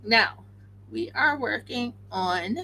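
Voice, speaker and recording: A tired woman hosting a crafting livestream, chatting casually and excitably, often talking to herself as she works. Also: a little high, slow, vocal fry, slight background noise, low-quality recording. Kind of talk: casual chat while crafting.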